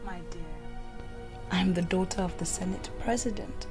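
An actress playing a teasing, self-assured senator's daughter in a Nigerian film drama. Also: female voice, lowish voice, a little slow, music in the background, close to an everyday voice.

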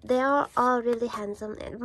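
A woman's voice: fairly high pitch, fairly bright tone, slightly rough, no room sound. A young woman from Indonesia, gushing and gasping with delight as she chats casually in a fan vlog. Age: young adult. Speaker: vlogger.

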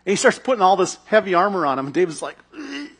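A man's voice: sits high, rapid-fire, fairly bright tone, slightly rough. A man giving a sermon as pastor, telling a story animatedly and acting out its scenes.

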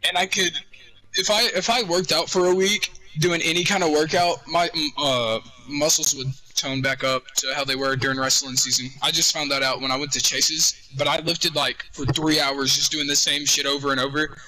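A teenage guy with a very bright, forceful voice pitched a little high rambles through crude, laughing stories over game voice chat. His swearing and his buildup to each punchline run together. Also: fairly even intonation, moderate pace, rough recording. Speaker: gamer. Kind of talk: casual chat while gaming.

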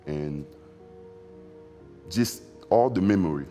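Deep, mellow-voiced man, halting. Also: animated, soft background music. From Democratic Republic of the Congo. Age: 40s. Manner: halting, reflective, repeats phrases, loose grammar. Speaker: interview guest, former basketball player. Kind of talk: emotional recollection in a sit-down interview.

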